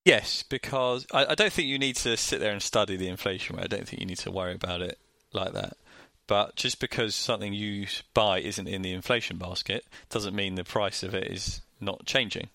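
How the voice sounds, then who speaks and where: A man's voice: fairly low pitch, fairly quick, gravelly, hardly any pauses, sharp tone, no echo. Northern English man explaining finance plainly. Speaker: co-host. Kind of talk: casual explanatory chat.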